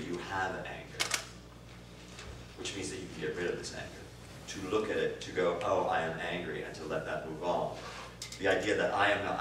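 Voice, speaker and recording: A man teaching improv, answering interview questions in an animated way, swearing and swinging from quiet musing to loud bursts. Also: low voice. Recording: distant roomy recording with faint noise.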